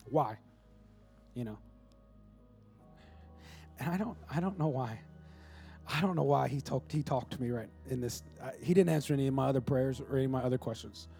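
A man's voice: medium pitch, fairly quick, vocal fry, pauses often, warm tone, soft background music. A male pastor preaching a live sermon in a church, speaking emphatically and repeating his points to the congregation. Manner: emphatic and repetitive, exhorting the congregation.

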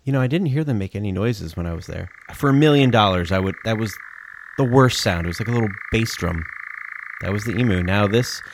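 A man's voice: on the low side, expressive, fairly quick. A man giving casual reaction commentary on bird sounds, joking, exclaiming and swearing.

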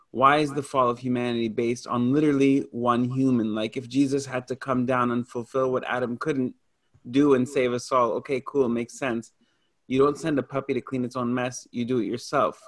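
A man asking casual questions in a Bible study, thinking aloud as he talks. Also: medium pitch.

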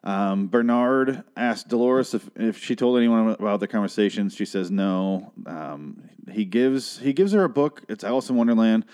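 A man's voice: fairly low pitch, darkish tone. A man hosting a solo podcast, recapping a TV episode in a rambling, self-deprecating way, with lots of swearing and fillers. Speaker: podcast host recapping a TV show. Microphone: handheld microphone.

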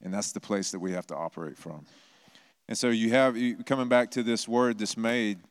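A man's voice: lowish voice, normal speed, clean tone, dry recording. A middle-aged man preaching a sermon in a conversational way, acting out quoted voices with touches of humor. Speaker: pastor.

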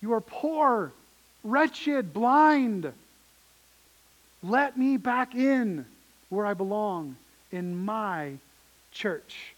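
A man's voice: sits high, expressive, extremely slow, long pauses, highs cut off, full character voice. A man voicing Jesus as a grown man, pleading with and rebuking a church. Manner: urgent, scolding, pleading.

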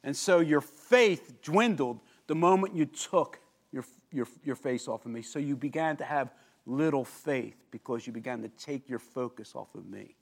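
A man preaching a sermon, telling the story vividly, swinging between lively emphasis and hushed, intense moments and asking the listeners questions. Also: medium pitch, moderate pace, vocal fry. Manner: animated storytelling with sudden drops to quiet intensity. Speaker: pastor.

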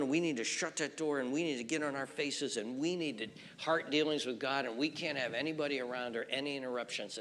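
A man pastor preaching a sermon, swinging from hushed near-whispers to raised, emphatic lines, repeating phrases as he builds. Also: medium pitch. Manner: repeats phrases and restarts words. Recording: long reverb from a large room.

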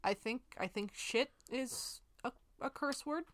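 A woman's voice: on the high side, a little slow, fairly bright tone. A woman co-hosting a podcast in casual chat, easygoing and dry, laughing along. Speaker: podcast co-host.

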